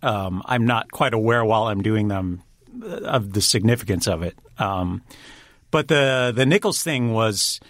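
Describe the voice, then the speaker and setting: A director and writer, interviewed as a guest, speaks unhurriedly in a lowish voice with a fairly bright tone, and the recording is dry. He tells stories in a casual, chatty manner, often laughing and beginning his sentences again.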